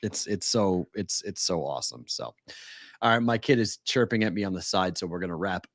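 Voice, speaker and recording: A man co-hosting a sports talk show, chatting casually and upbeat, repeating words when excited. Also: low-pitched, brisk, dry recording, clean studio sound. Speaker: co-host.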